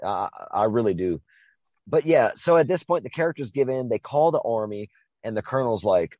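A man's voice: medium pitch, fairly quick, dry recording, lo-fi sound. A man co-hosting a podcast, casually retelling a movie with lots of swearing and rambling asides. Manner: profane, rambling, animated retelling. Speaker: podcast co-host. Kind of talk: casual movie-review chat.

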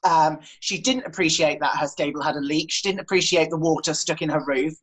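A young adult woman telling a story in casual chat, animated and laughing, with plenty of swearing. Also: low-pitched, brisk, low-quality recording. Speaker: guest, horse rider.

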